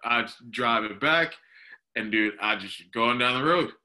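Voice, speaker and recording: Bright-voiced young man telling a story. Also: medium pitch, a little slow. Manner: animated, laughing, says "dude" and "bro". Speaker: podcast co-host. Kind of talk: casual storytelling chat.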